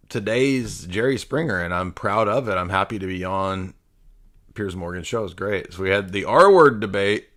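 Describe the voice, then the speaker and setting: Male streamer, low voice, sardonic and mocking, casual commentary. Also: sharp tone. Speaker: streamer reviewing a debate.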